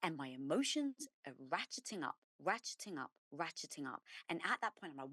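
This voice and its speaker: A middle-aged woman who runs a business tells her story in an interview. She speaks with emphasis and acts out her own past thoughts. The pitch sits mid-range, and the voice is dry and close with little room sound. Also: very animated, a little fast, hardly any pauses, a bit bright, no room sound. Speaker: entrepreneur guest.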